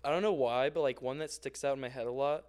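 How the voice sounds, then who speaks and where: A man's voice: medium pitch, fast, darkish tone, clear, resonant tone. A man in casual chat, giving hesitant, laid-back answers.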